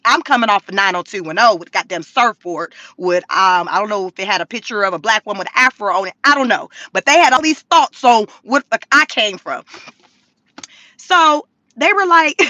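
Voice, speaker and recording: A middle-aged woman from California telling a story casually to her viewers, animated, laughing often and swearing freely. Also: medium pitch, dry recording. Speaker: vlogger.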